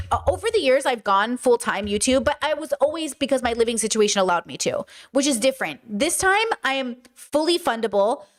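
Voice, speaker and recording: A woman hosting a stream, giving casual commentary in an emphatic, animated way and repeating her points. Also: a little high. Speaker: streamer and podcast host.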